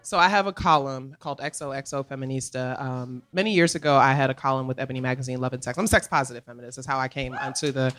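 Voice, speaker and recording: A woman's voice: very deep voice, fast talker, hardly any pauses. An adult American woman, the guest on a live podcast recorded on a comedy club stage, talking emphatically and laughing easily. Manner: animated, emphatic storyteller with laughter.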